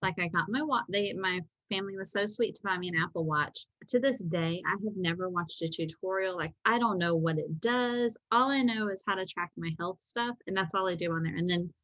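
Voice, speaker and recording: A woman's voice: on the low side, fairly quick, few pauses, a bit bright, no echo. Rambling woman podcast co-host, dry sound. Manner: rambling, self-deprecating storytelling with frequent "like". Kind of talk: casual chat.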